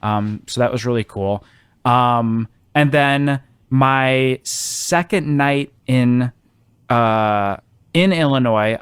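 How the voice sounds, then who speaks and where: A young man casually telling a funny travel story on a podcast, animated, laughing often, with many ums. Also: mid-range voice, clean tone, no room sound. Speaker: podcast co-host.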